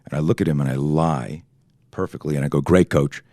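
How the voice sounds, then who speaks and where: A middle-aged man from Canada, a self-defense instructor telling stories as a podcast guest, animated and swearing freely while acting out quoted dialogue. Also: very deep voice, fast talker, dry recording, studio quality. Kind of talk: podcast interview storytelling.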